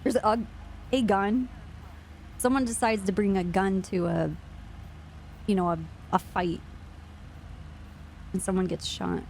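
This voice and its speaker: A woman's voice: medium pitch, fairly even intonation, unhurried, long pauses, a little mellow, slight background noise. A woman streamer playing a police officer in casual role-play chat, rambling and searching for her words.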